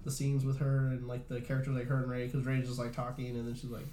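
This young co-host talks fast in a casual chat, rambling, leaning on "like" and swearing a lot. His medium-pitched voice is mellow and monotone, and the roomy, echoey recording has a slight hiss or hum.

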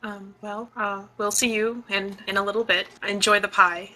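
A woman's voice: medium pitch, flat delivery, moderate pace, sharp tone, low-quality recording. A woman playing a tabletop role-playing game, chatting casually as her character leaves. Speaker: player.

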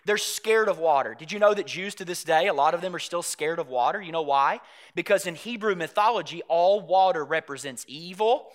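A man preaching a sermon, animated, often asking the congregation questions and rising to loud, emphatic stretches. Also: high voice. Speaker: pastor.

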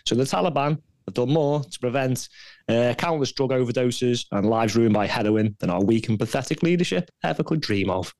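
A man's voice: mid-range voice, lively intonation, a little fast, darkish tone, no echo. A man co-hosting a satirical podcast chat, giving blunt, sardonic opinions. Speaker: podcast co-host. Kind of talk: satirical pub-style chat.

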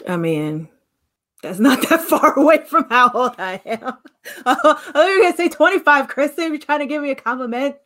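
A podcast co-host in her late thirties tells stories in casual chat, animatedly acting out the voices she quotes. She has a high-pitched voice and talks at a normal speed.

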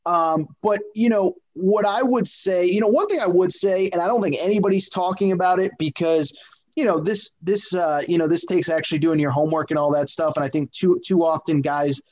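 A man with a notably high voice chats about sports on a podcast, rambling and emphatic and full of fillers. The audio sounds dull and lo-fi. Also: fairly quick, darkish tone. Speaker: sports media podcast co-host. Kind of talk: casual sports talk.

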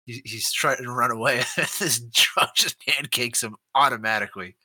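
A man co-hosting a casual movie podcast, animated and laughing as he acts out scenes. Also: medium pitch, no echo. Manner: animated, laughing, acting out scenes in quick voices. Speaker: podcast co-host. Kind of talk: casual movie-discussion chat.

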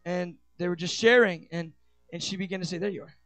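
A pastor preaching a sermon, rushing through quick asides, then slowing and rising into loud, shouted declarations. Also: male voice, high voice, fairly even intonation, no room sound, faint music behind.

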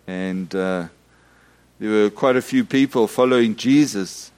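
A middle-aged Methodist minister, giving a storytelling sermon full of restarts and acted-out shouts. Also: male voice, lowish voice, unhurried. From South Africa.

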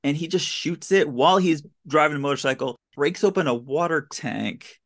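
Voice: medium pitch, normal speed. A podcast host giving a casual, comedic recap of a film, with incredulous, sarcastic commentary.

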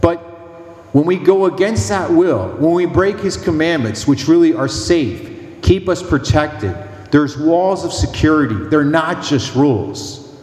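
A man's voice: fairly high pitch, lively intonation, a little slow, darkish tone, roomy sound, long reverb tail. A man who is a priest, delivering a sermon with emphatic, humorous storytelling.

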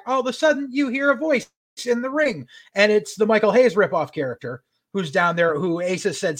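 A man co-hosting a podcast, recapping a show in casual chat, swearing a lot and acting out what characters said. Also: a little high. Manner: animated, swears constantly, acts out quotes. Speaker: podcast co-host.

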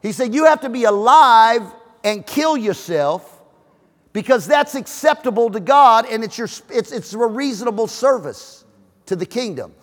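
A man preaching a sermon as pastor, emphatic and joking, with shouted peaks. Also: very high-pitched, lively intonation, moderate pace. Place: church auditorium. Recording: reverberant hall.

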